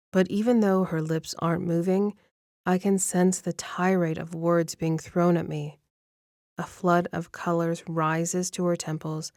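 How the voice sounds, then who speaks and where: A woman reads a romance novel told in the first person, keeping her storytelling even and measured. Her voice is on the low side, captured close to the mic with no echo.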